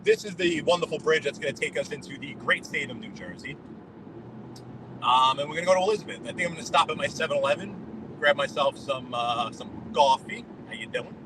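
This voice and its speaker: A man's voice: on the high side, a little fast. A man, chatting casually with live-stream viewers while driving, greeting them by name and rambling between topics. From New York. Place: inside a car on the road. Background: road and traffic noise.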